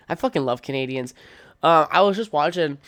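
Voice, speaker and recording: A man's voice: on the high side, a bit bright, no echo. A young adult man hosting a podcast, ranting casually in a blunt, profane, opinionated way full of "like" and "um". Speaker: podcast host. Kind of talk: casual solo rant.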